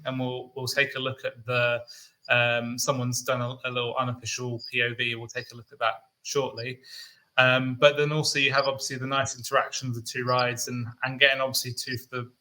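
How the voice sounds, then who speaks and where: A man's voice: mid-range voice, rough recording. A man from the UK co-hosting a podcast, talking casually with frequent ums. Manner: relaxed, hesitant with fillers. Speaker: co-host. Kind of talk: casual enthusiast chat.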